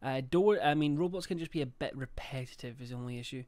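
A man's voice: mid-range voice, quick pace, a little mellow. A young man livestreaming a game, chatting casually, swearing a lot and reading out chat and subscriber messages. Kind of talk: casual live-stream chat.

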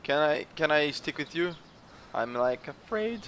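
A man from Brazil with a Brazilian accent, a gamer joking his way through gameplay commentary with playful teasing and sudden excited yelps. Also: a little high, measured pace, a little hiss or hum. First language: Portuguese. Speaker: gamer hosting a let's play channel.

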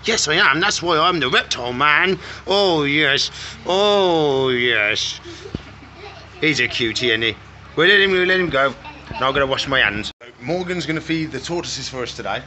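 A man's voice: fairly high pitch, lively intonation, moderate pace, sharp tone, a little hiss or hum. A man running a reptile shop vlog, chatting casually and baby-talking to the animals. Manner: playful, baby-talks to animals. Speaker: reptile shop owner and vlogger. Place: pet shop.

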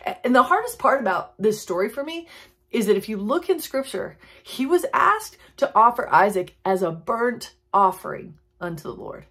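A woman's voice: a little high, big pitch swings, husky. A woman giving an earnest, reflective Christian devotional talk, with tender emotion in her voice. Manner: earnest, reflective, reads quotes slowly and softly. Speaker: Christian teacher.

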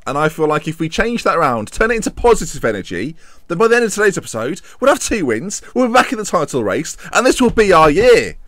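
Animated man, lively game commentary. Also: a little high, fast, no echo, studio quality. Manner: animated, jokey, self-mocking, swings from excited to muttering. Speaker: gaming commentator. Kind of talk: casual gameplay commentary.

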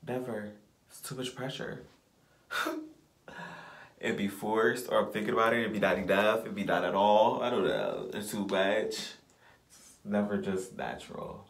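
A young man with a fairly low voice talks himself up in a loose, profane vlog rant. He circles back on his own phrases, half scolding and half cheering himself on. The sound bounces around an echoey room. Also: unhurried. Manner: blunt, profane self-pep talk, repeats phrases. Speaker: vlogger. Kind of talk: casual self-talk rant.

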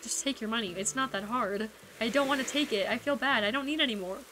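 A woman's voice: on the high side, fast, background noise. A woman streaming a video game, chatting casually with viewers in a playful, teasing way. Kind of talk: casual live-stream chat while playing a game. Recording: game music playing behind the voice. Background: video game background music.

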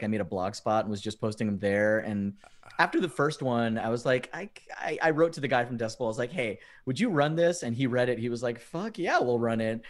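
A man telling funny stories as a podcast guest, animated and often laughing as he acts out quoted messages. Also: lowish voice. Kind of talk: casual storytelling chat.

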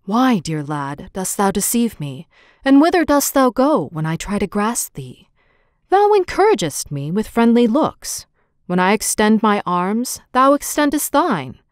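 A woman's voice: mid-range voice, big pitch swings, measured pace, dry recording, studio quality. A woman voicing a proud young man, lovesick and pleading in old-fashioned formal speech. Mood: yearning.

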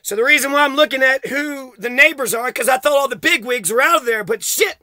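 A man with a very high, sharp and piercing voice unloads a profane, accusatory rant straight at the camera. His heated delivery sounds close and completely dry, with no room at all around it. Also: a little fast, no room sound. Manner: heated, swearing constantly, accusatory. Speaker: vlogger.

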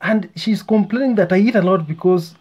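A man's voice: sits high, brisk, darkish tone, slightly rough, dull audio, voice pushed up. A man playing a worried, out-of-work husband who stammers and pleads with his doctor. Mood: pleading.

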